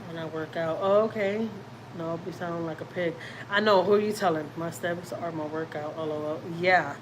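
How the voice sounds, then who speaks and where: A woman's voice: lowish voice, fairly even intonation, brisk, background noise. Woman, casual livestream chat, rambling, self-teasing, talks to y'all. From Houston, Texas. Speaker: family vlogger hosting a livestream. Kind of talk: casual livestream chat, reading comments aloud. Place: at home.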